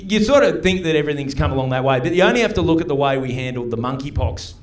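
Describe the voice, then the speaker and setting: A man's voice: fairly high pitch, animated, very fast. Middle-aged Australian man doing stand-up. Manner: chatty, punchy storytelling with mock voices. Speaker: stand-up comedian. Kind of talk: stand-up comedy set. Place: comedy club stage before a live audience.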